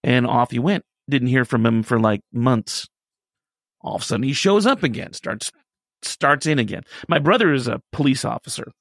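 A man telling a story on a radio talk show, in a casual, animated way, laughing through it. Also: medium pitch, normal speed, no echo, studio quality.

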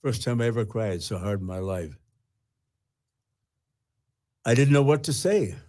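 An older man, a retired pastor, earnestly telling his personal testimony with halting restarts. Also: on the low side, lively intonation, darkish tone.

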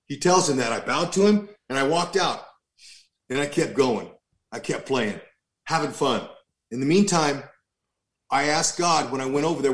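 A man in his fifties, a former pro ballplayer, telling stories in an animated, joking way with lively asides. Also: medium pitch, a little fast. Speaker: former pro baseball player. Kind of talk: storytelling interview.

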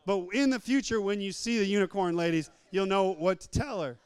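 A man's voice: sits high, brisk, smooth, no echo. A man preaching a humorous sermon, repeating phrases for emphasis and acting out little scenes in different voices.

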